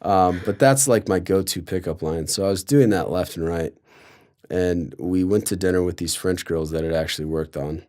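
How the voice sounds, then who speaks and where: A young man from Colorado tells a story as a podcast guest, speaking in a low, slightly mellow voice at a moderate pace. His storytelling is casual, loose, and sarcastic, heavily sprinkled with "like."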